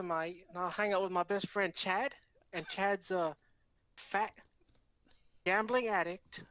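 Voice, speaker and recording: Man doing a shrill, brash Aussie drunk; put-on accent, pitched way up, pushy. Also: bright, forceful tone, slight background noise, heavily acted. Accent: put-on Australian. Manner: high, brash, sing-song "mate" tags. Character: boozy self-mocking Australian man, card collector.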